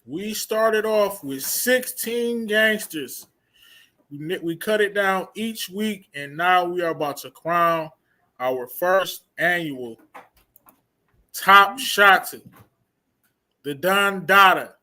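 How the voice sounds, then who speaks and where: Man, show host, casual chat, hyped announcements, higher voice, bright tone. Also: lively intonation, slow. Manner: hypes up announcements, stretches big titles.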